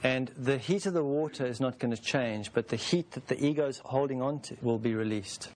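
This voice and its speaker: A man in his forties giving a calm, unhurried spoken teaching session, explaining a self-help process through homely metaphors. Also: mid-range voice. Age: 40s.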